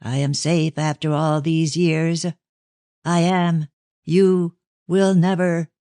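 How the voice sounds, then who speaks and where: A woman's voice: low-pitched, level tone, mellow, clear, resonant tone, dry recording. A woman putting on a solemn clairvoyant. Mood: trance, solemn. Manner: effusive, slow and solemn in trance. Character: thin pale middle-aged woman clairvoyant, dramatic, trance-prone.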